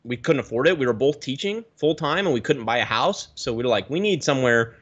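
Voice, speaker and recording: A man in his thirties from the Pacific Northwest chats as an interview guest. His voice rises and falls a lot as he tells stories, middle in pitch. The sound is somewhat dull and lo-fi. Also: quick pace, husky. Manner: animated storyteller, lively swings in pitch. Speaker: guest, reef aquarium YouTuber. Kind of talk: casual interview chat.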